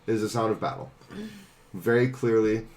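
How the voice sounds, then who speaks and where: A man narrating as game master of a tabletop game, laid-back and chuckling, with sudden shouted sound effects. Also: fairly low pitch, normal speed.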